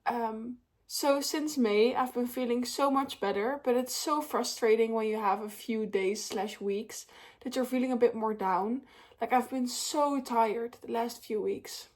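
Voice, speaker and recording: A woman's voice: fairly high pitch, unhurried, darkish tone. A young woman talking openly to the camera at home in a casual vlog, tired and a little tearful, with many fillers. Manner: open and emotional, many fillers. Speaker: vlogger.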